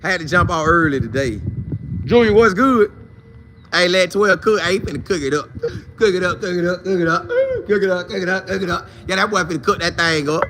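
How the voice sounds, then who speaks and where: A man hosting a casual sports talk live stream, shouting out viewers by name in loose, slangy, animated talk. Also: sits high, brisk, slight background noise.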